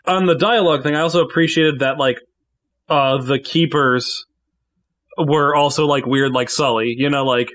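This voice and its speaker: Joking man, slightly high voice. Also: moderate pace. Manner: joking, animated, with many fillers. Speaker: player. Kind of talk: casual podcast chat.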